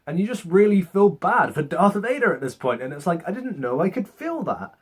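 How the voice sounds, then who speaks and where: A man's voice: high-pitched, sing-song, a little fast, slightly rough. Sarcastic young man reviewing a movie. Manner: sarcastic, swears, acts out scenes in mock voices. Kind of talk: casual spoken movie review.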